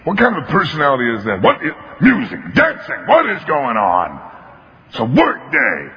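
A man voicing a bitter, resentful older brother in a spoken retelling, his voice pitched up and breaking with indignation. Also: huge pitch swings, moderate pace. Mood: indignant tirade. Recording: long hall reverb, dull lo-fi sound.

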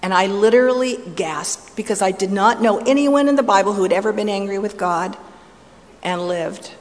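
A middle-aged woman tells her story in sermon style, playful at times, then hushed and intense. Her voice carries through a large hall with a long, lingering reverb. A faint ambient hum sits underneath. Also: mid-range voice, moderate pace. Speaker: speaker giving a testimony. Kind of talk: sermon-style personal testimony.

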